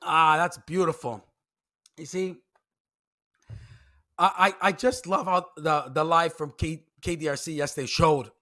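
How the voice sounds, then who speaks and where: A man's voice: fairly high pitch, fairly even intonation, a little slow, pauses often, bright, forceful tone. A man delivering a heated, mocking commentary rant, full of profanity and phrases he repeats for emphasis. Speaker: commentary YouTuber. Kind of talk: ranting commentary vlog.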